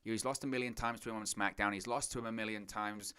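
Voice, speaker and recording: A man's voice: lowish voice, fast, clean tone. A man giving a casual spoken review of a wrestling event, repeating phrases and jumping his voice up when he mocks. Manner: animated, repeats phrases, voice jumps up when mocking. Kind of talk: casual opinion monologue.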